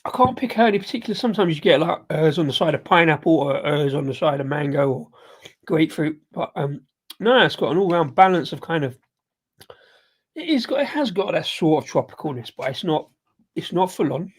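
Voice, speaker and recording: A man's slightly high, slightly rough voice is expressive and fairly quick as he hosts a casual live beer review. Between sips and tastes of the beer, he rambles hesitantly with many ums, restarts and self-corrections.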